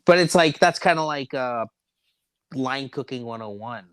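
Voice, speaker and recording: A man's voice: medium pitch, moderate pace, fairly bright tone, clean tone, no echo. A man with an ordinary mid-range voice chats about kitchen life as a working cook. He agrees readily, swears casually and acts out little scenes from the job. The recording is dry and close. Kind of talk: casual podcast chat.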